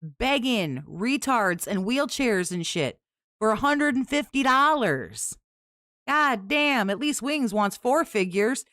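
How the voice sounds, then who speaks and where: A woman's voice: on the high side, big pitch swings, takes it slowly, a bit bright, dry recording, studio quality. A woman hosting a commentary channel, cutting into clips with profane, sarcastic, scornful remarks. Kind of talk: mocking clip commentary.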